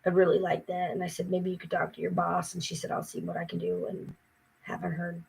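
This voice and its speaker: A woman's voice: lowish voice, monotone, a little fast, creaky, a little mellow, slight background noise, low-quality recording. An exhausted woman talking casually to her viewers, weary and frustrated, venting with mocking asides. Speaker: vlogger. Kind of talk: casual talk to camera.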